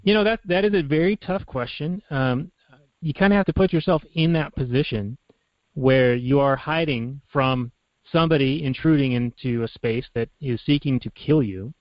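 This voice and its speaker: A man co-hosting a casual chat who thinks aloud in a relaxed way, with fillers. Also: medium pitch, normal speed, dry recording. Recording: dry, dull lo-fi recording.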